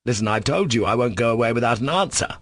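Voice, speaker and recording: A man doing an irritated, demanding young gentleman. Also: mid-range voice, animated, quick pace, no room sound. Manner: coarse, demanding. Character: irritated, proud young nobleman.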